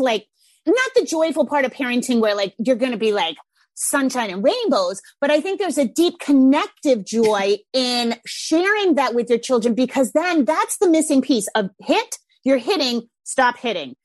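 A middle-aged woman and parenting coach chatting casually on a podcast, animated, laughing often and acting out little scenes. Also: high-pitched, moderate pace, no echo.

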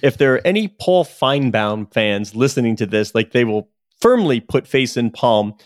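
A man's voice: mid-range voice, lively intonation, normal speed, dry recording, clean studio sound. A man co-hosting a podcast in a casual chat, self-deprecating and joking. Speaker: podcast co-host, business journalist.

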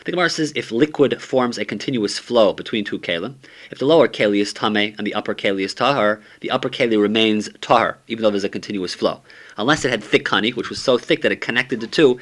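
Low, bright-voiced man summarizing Talmud. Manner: steady reading with many Hebrew and Aramaic terms. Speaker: Talmud teacher.

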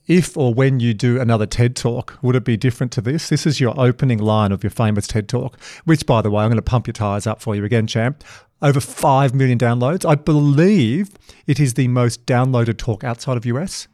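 A man's voice: mid-range voice, a little fast, dark tone, dry recording, clean studio sound. A man hosting a casual podcast interview, asking questions with enthusiastic, playful, teasing banter. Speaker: podcast host.

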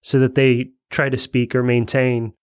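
A man's voice: medium pitch, flat delivery, unhurried, clean tone, dry recording. Chatty man, mid voice, dry sound. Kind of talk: casual film discussion.

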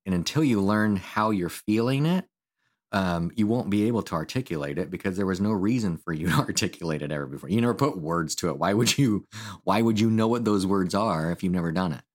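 A man's voice: sits low, expressive, a little fast. A man who works as a counselor, co-hosting a podcast and explaining ideas in a rambling, casual way with many fillers.

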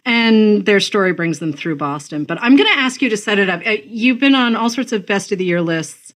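A woman from Massachusetts hosting a podcast interview, chatty and enthusiastic with quick asides. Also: medium pitch, animated. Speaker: podcast host. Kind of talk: casual interview chat.

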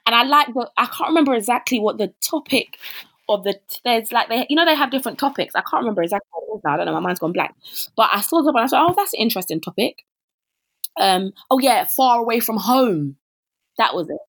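A woman's voice: a little high, animated, fast, a bit bright. A young woman, a podcast guest talking casually and full of fillers, acting out her own past remarks as she tells her story. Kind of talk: casual interview chat.

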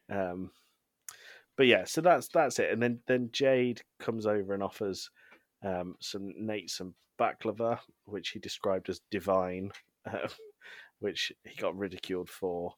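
A man co-hosting a podcast, casually recapping a TV episode with frequent ums and quick laughs. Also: on the low side, no echo. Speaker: podcast co-host.

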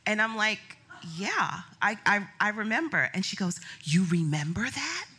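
A middle-aged woman telling a business story live on stage, animated, acting out quotes and laughing often. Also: mid-range voice, normal speed, breathy edge.

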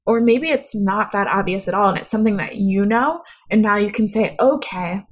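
A woman gives a conversational lesson on speaking, coaching the listener directly. Her voice sits at an ordinary middle pitch. She talks it through in a relaxed, practical way. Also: fairly quick. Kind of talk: instructional talk.

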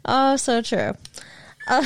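Lively high-voiced woman, sarcastic and laughing. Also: drawn-out words, slight background noise. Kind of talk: casual chat.

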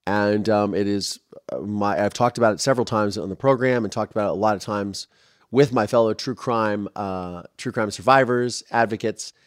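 A man's voice: fairly low pitch, moderate pace, no echo, studio quality. A man hosting his own podcast, talking casually and emotionally, rambling with lots of fillers and restarts. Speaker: podcast host.

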